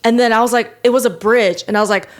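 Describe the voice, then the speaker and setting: A woman's voice: a little high, fairly even intonation, fast talker. A young adult woman hosting a podcast, telling a long story in casual chat, full of fillers. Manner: rambling storyteller, filler-heavy with many "like"s. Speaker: podcast host.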